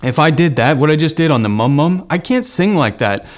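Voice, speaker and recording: A man's voice: a little high, expressive, fairly quick. A man, teaching an online singing lesson in an earnest, encouraging way. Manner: earnest, encouraging, breaks into sung exercise demos. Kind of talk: online vocal lesson with sung demonstrations.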